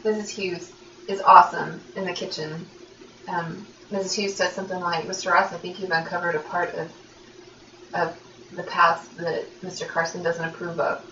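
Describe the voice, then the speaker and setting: A woman's voice: on the low side, flat delivery, moderate pace, fairly bright tone, lo-fi sound. A woman co-hosting a podcast, chatting in an easygoing way and laughing often. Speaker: podcast co-host. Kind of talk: casual chat. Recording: echoey, distant room mic with faint noise.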